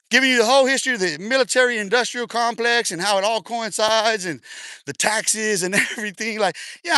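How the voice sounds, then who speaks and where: A man's voice: high-pitched, pushed and bright, smooth, dry recording, clean studio sound. A man livestreaming while out on a long walk, a bit out of breath, taunting his viewers in slangy talk and laughing often. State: out of breath from walking. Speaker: livestream host. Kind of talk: casual live stream talk while walking. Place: outdoors, walking.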